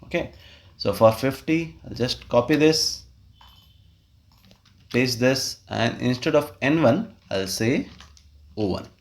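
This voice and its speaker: A man, explaining a spreadsheet tutorial step by step with frequent okays and uh fillers. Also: mid-range voice. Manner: step-by-step, explains while clicking, frequent "okay" and "uh". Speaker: tutorial host. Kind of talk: screen-recorded software tutorial.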